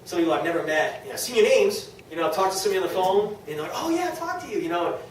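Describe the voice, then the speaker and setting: A man tells his business story to a small gathering, rushing through it with enthusiasm and acting out what others said. His voice sits slightly high. The recording picks him up from across a very echoey room. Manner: fast, enthusiastic, quoting others in lively asides. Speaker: speaker at a business meeting. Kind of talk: motivational testimonial talk. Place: meeting room with a small audience. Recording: very echoey room, distant mic, faint noise.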